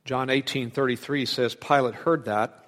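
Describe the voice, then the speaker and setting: A man preaching an expository sermon, animated, swinging between loud emphasis and hushed asides. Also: medium pitch, normal speed. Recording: long hall reverb.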